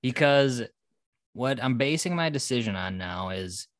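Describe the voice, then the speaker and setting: A man's voice: mid-range voice, animated, measured pace, dry recording. Dry-sounding easygoing young male host. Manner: easygoing, teasing, runs the segments. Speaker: podcast host. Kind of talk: casual chat.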